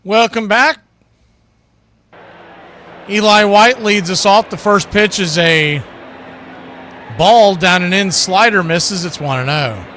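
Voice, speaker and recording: A man calling baseball play-by-play live as host, chatting opinions between pitches. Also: slow pace, long pauses, pushed and bright, a little hiss or hum.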